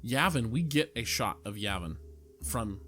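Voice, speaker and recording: A man's voice: medium pitch, animated, bright, forceful tone, faint music behind. Blunt, opinionated podcast co-host man. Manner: blunt and opinionated, quick to laugh. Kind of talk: casual chat.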